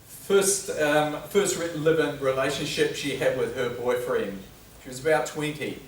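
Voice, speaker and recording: A man's voice: mid-range voice, unhurried, a little hiss or hum. Man lecturing from a distant mic. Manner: conversational, anecdotal storytelling. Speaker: speaker at a men's health talk. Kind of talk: informal lecture. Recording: roomy hall, distant mic, faint ambience.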